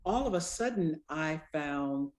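A woman in her sixties, an anesthesiologist and speaker, telling stories in an interview with humor and lively quoted voices. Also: low voice, unhurried. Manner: lively, acts out quoted people with voice changes; humorous, conversational. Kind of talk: storytelling in an interview.

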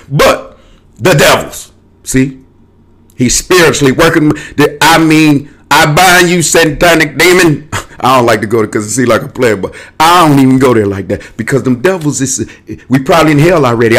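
Lively, rambling man monologuing. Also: medium pitch. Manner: digressive, restless, jumps between topics; streetwise, casual speech with cursing. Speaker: show host.

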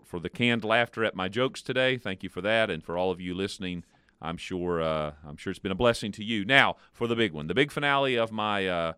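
A man co-hosting a devotional show, telling jokes in a playful, animated way. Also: fairly low pitch, smooth, no room sound, clean studio sound. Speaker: co-host. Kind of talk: casual chat, telling jokes.

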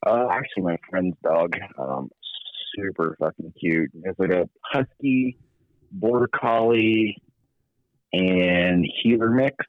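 A man's voice: low voice, animated, slow, no room sound. A man calling into a podcast as a guest, laid-back and casually swearing, heard over a phone line. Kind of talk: casual chat. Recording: tinny phone-line call.

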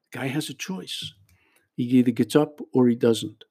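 Man with a warm, halting delivery. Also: mid-range voice, husky. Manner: repeats words in restarts, frequent "all right?" and "you know?". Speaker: therapist. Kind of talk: describing a therapy exercise to an audience.

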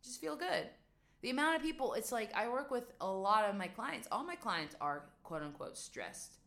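A woman's voice: a little high, expressive, moderate pace, creaky, a bit bright. A young woman from West Virginia, talking casually to camera as a vlogger and coach, emphatic and chatty with many rhetorical questions. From West Virginia, USA. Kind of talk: casual advice monologue.

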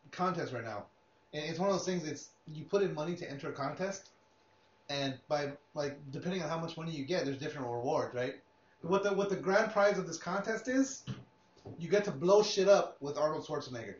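A man's voice: on the high side, lively intonation, fairly quick. A man hosting a casual podcast, rambling and swearing, often laughing. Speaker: podcast host. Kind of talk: casual chat. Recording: echoey room, dull lo-fi sound.

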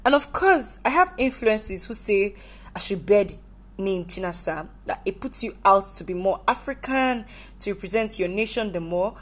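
Woman, podcast host, casual solo chat, goofy and rambling, mid-pitched voice. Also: lively intonation, normal speed. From Nigeria. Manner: goofy, rambling, self-correcting. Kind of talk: casual personal monologue.

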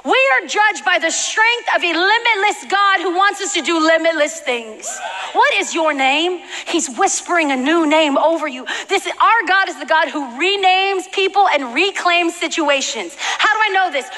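A woman preaching a passionate sermon to a church audience, moving between hushed, intimate moments and shouted declarations. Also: very high-pitched, expressive, normal speed. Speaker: guest preacher. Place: large church hall with audience. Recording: reverberant church hall, faint noise.

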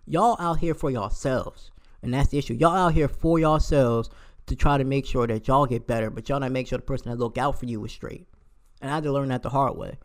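A young man delivers a heated, profane rant in a casual register, firing off rhetorical questions. His voice sits at a middle pitch for a man. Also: brisk.

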